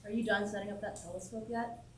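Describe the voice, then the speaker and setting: A woman's voice: mid-range voice, steady tone, fast, natural voice. An actress playing a playful, superstitious young woman camper in a stage play, teasing and goofy. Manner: teasing, goofy, sings jokingly. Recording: roomy stage sound from a distant mic, background noise.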